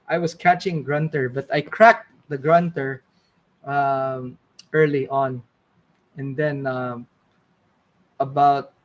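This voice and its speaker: A man with a high voice tells a casual, rambling story. He swears freely and fills his talk with "like" and "you know.". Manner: rambling, swearing, many fillers. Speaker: fishing channel host.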